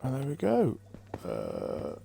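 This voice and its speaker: A man giving a relaxed, rambling tour of his game map, thinking aloud with plenty of fillers. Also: mid-range voice, takes it slowly, vocal fry. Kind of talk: casual gameplay commentary. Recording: faint background music.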